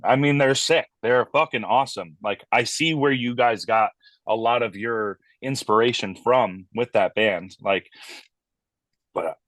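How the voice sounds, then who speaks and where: Animated, profane metal vocalist, dry sound. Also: male voice, fairly low pitch, normal speed, no room sound. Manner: animated storyteller, swears freely, acts out quoted voices. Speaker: metal band vocalist, guest. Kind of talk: casual interview chat.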